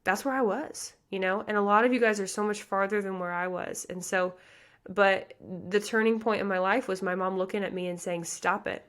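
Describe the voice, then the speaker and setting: Passionate fast-talking woman coach. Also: medium pitch, fairly even intonation, fairly bright tone. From US Midwest. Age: 30s. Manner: earnest, fast and passionate, with many "like" and "you guys" fillers. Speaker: pageant coach and podcast host. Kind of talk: motivational podcast monologue.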